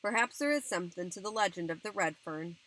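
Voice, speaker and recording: A woman voicing a serious, thoughtful farmer father in an audiobook, speaking slowly and gravely. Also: on the low side, animated, fairly bright tone, low-quality recording.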